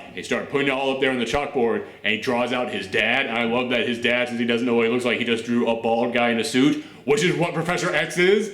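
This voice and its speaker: A man reviewing a TV show on his channel, talking in an animated, rambling way and nearly shouting with enthusiasm. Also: mid-range voice, fast, few pauses. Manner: animated, near-shouting, gushing. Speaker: YouTube reviewer. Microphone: camera mic. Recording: roomy echo.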